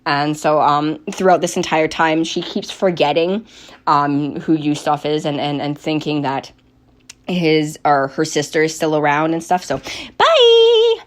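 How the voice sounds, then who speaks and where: A woman's voice: low-pitched, steady tone, unhurried. A woman game master casually recounting her tabletop game, rambling with many restarts. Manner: rambling, full of fillers and restarts. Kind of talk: casual storytelling while knitting.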